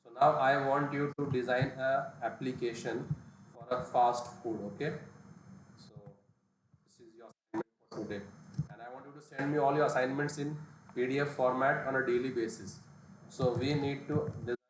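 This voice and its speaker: A man's voice: mid-range voice, fairly even intonation, normal speed. A man teaching a live online programming lesson, explaining step by step and often checking that students follow. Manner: explains step by step, checks understanding with tag questions. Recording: echoey, distant mic, background noise.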